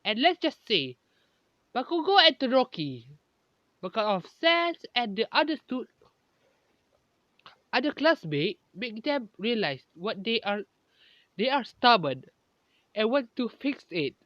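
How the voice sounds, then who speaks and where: A narrator improvising a fan story in halting, broken sentences, often restarting mid-phrase. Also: mid-range voice, big pitch swings, no room sound, dull audio.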